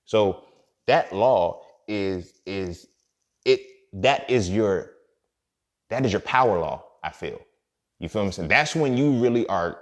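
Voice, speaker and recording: A man's voice: on the low side, lively intonation, measured pace. A young man talking casually on his podcast in a streetwise, profane way, often asking "you feel me". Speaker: podcast host. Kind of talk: casual monologue.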